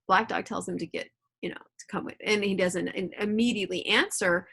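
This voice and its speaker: A woman's voice: mid-range voice, steady tone, a little slow, bright, forceful tone, husky. A woman teacher reading a novel aloud at home and explaining it to her students in a casual, chatty way with frequent check-ins. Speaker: middle school teacher.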